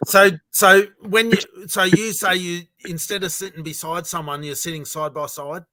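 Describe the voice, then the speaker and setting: A man's voice: high voice, fairly even intonation, moderate pace, bright, forceful tone. An Australian man hosting a casual livestream chat, rambling and hesitant with many ums. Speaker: livestream host.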